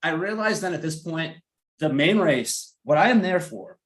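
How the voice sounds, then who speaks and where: A man's voice: a little high, moderate pace. A man around forty with a Boston accent, telling a profane story as a podcast host and acting out the other people's lines. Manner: animated, profane, acts out quotes in exaggerated voices. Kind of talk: casual storytelling chat.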